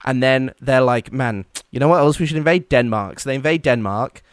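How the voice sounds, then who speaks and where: Male podcast co-host, jokey storyteller, smooth resonant voice, dry recording. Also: mid-range voice, fairly quick, no room sound. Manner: jokey storytelling, acts out silly quoted voices. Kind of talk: casual comedic history chat.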